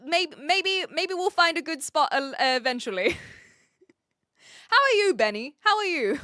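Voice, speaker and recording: Bright-voiced new zealand woman streamer. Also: sits high, lively intonation, slow, dry recording, clean studio sound. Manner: chatty, giggly, trailing off into quiet asides. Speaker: livestreamer. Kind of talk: casual chat reading stream comments.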